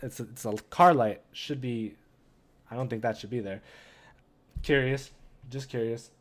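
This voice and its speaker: Man, gaming YouTuber, casual and excitable, talks straight to camera, mid pitch. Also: measured pace. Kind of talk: casual read-along commentary.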